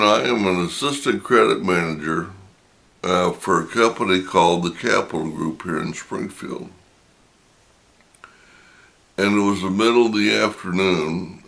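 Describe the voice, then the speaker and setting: A middle-aged man, slowly telling a personal anecdote in a casual, drawn-out way. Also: deep voice, gravelly, a bit bright. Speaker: storyteller.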